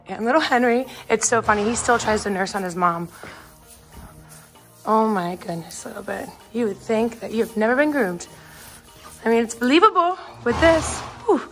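A young woman chatting casually while she washes and grooms her horse, now and then coaxing the animals. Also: a little high. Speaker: vlogger and horse owner. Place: outdoors and in a barn with horses.

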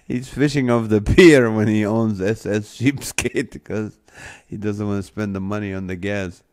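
A man's voice: on the low side, steady tone, darkish tone. A man hosting a live stream, reading viewer comments aloud and laughing often, at times to tears. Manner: slow, drawn-out delivery.

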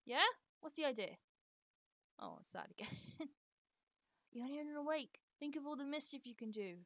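A woman casually commenting while she streams a life-sim game, chatty and sweary, talking to her characters and breaking into excited squeals. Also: sits high, moderate pace, dry recording, studio quality. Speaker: live streamer.

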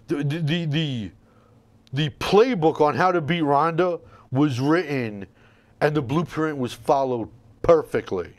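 A man's voice: on the high side, animated, unhurried. A man hosting a combat sports podcast, talking in a casual, showman-like way with playful sign-offs. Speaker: podcast host. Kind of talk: casual solo commentary.

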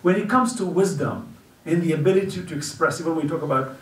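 A man giving an earnest storytelling religious lecture at a community celebration, dropping low and soft whenever he quotes someone. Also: fast talker. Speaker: guest speaker at a religious celebration. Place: community center hall at an event. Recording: echoey hall picked up from far off.

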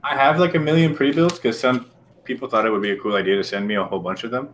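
A man's voice: mid-range voice, steady tone, quick pace, fairly bright tone, slight background noise. A man co-hosting a casual show, talking bluntly and swearing constantly as he rants. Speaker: show co-host. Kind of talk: casual profane chat.

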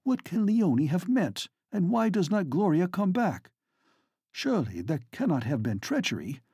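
A man voicing an alarmed young gentleman speaking in a hurried, worried rush in an audiobook. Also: high-pitched, very animated, slightly rough, dry recording, studio quality, pitched above the performer's own voice, full character voice. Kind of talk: audiobook character voice.

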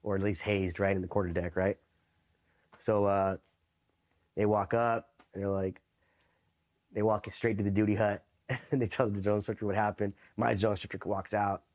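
A man's voice: on the low side, flat delivery, normal speed, long pauses, a little mellow. A man from East Los Angeles, a Marine veteran, telling stories in a casual, profane interview, loose and full of "you know" and "right?".

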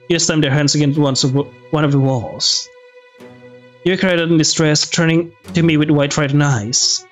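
Man, reading game text aloud, halting delivery, slightly high voice, faint music behind. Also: fairly even intonation. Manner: halting, restarts words, reads with some feeling. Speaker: gamer reading a visual novel aloud.

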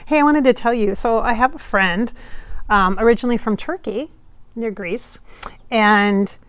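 A woman's voice: on the high side, unhurried, no room sound. A woman working as a psychic medium, chatting casually to camera and reading out viewer comments in a rambling, laugh-prone way. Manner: chatty and rambling, many fillers, laughs often. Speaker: psychic medium channeling a spirit.

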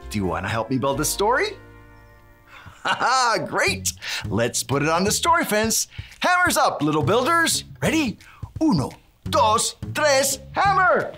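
A woman's voice: medium pitch, a bit bright. A woman playing a cheerful handyman who teaches a children's Bible lesson, cheering and tossing in Spanish words.

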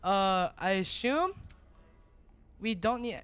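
A young man streaming a horror game, jumpy and excitable, who repeats himself in slangy bursts and drops to a whisper when tense. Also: high-pitched, moderate pace, long pauses, no echo, faint music behind. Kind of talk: live gaming commentary.

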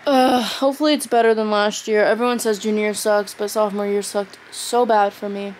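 A woman's voice: medium pitch, level tone, fairly quick, slight background noise, low-quality recording. A teenage girl vlogging at home on her phone camera, exhausted and rambling with lots of fillers. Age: teens. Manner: rambling, tired, filler-heavy talk. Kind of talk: casual vlog chat.

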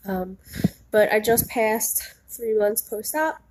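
A woman's voice: mid-range voice, expressive, takes it slowly. A young woman, stuffy and nasal from a cold, chatting casually to her viewers in a rambling way full of ums and likes. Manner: rambling, lots of ums and likes, laughs easily. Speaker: vlogger. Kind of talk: casual chat.

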